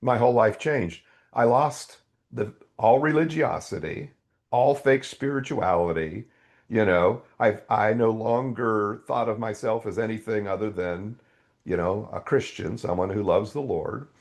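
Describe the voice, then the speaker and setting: A middle-aged man, speaking unhurriedly in a fairly low voice, gives candid testimony about his faith as a podcast guest. He acts out his former outbursts in the course of the interview.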